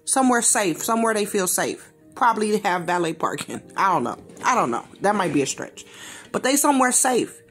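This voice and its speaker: A woman's voice: medium pitch, big pitch swings, brisk, soft background music. A woman giving a blunt reaction rant in slangy, informal speech, repeating phrases for emphasis. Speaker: commentator reacting to a video.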